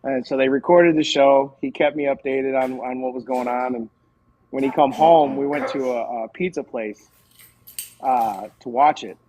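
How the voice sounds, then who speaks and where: A man's voice: mid-range voice, fairly even intonation, moderate pace, a little mellow, a little hiss or hum, low-quality recording. A man co-hosting a podcast, telling a long anecdote in a laid-back, casual way. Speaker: podcast co-host. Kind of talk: casual storytelling chat.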